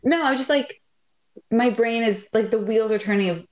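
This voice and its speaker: Animated young woman telling stories. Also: a little high, moderate pace. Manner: animated, says "like" often, acts out quotes. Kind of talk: casual storytelling chat.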